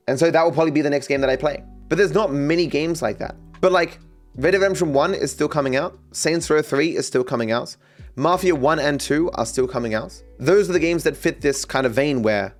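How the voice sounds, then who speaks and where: Rambling Australian man streaming. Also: mid-range voice. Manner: rambling, sounds out words to demonstrate. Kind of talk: casual live-stream chat.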